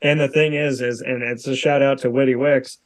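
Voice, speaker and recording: A man's voice: medium pitch, steady tone, moderate pace. A man in his thirties hosting a talk show, speaking emphatically and repeating phrases for effect. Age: 30s. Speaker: show host. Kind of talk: casual talk show chat.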